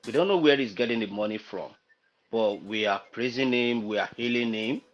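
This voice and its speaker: A man's voice: medium pitch, moderate pace, muffled recording. A man from Nigeria on a livestream panel, talking unhurriedly, searching for words and citing proverbs. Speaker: panel guest. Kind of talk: casual discussion on a livestream.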